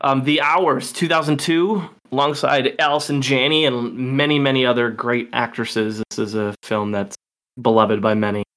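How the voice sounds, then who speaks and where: A man's voice: mid-range voice, fairly even intonation, normal speed, fairly bright tone. A man co-hosting a casual film podcast, chatty and loose, swearing now and then. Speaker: podcast co-host.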